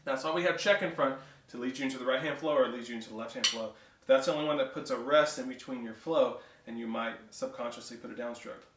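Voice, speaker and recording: A man's voice: mid-range voice, fast, noisy background. A male drumline instructor explaining snare rudiments and counting rhythms aloud between demonstrations. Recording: roomy echo, distant mic, loud clatter.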